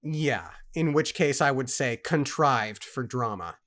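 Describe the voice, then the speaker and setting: A man's voice: mid-range voice, lively intonation, measured pace, a bit bright. A man co-hosting a casual book club, reading aloud and reacting emphatically, stammering when he is worked up.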